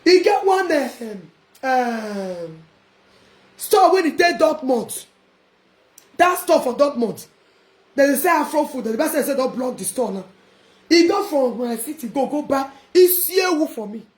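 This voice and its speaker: A woman's voice: high voice, measured pace, roomy sound. Defiant woman with Nigerian Pidgin accent. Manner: defiant, animated, mixes laughter and shouting. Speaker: vlogger. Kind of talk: casual live-video rant.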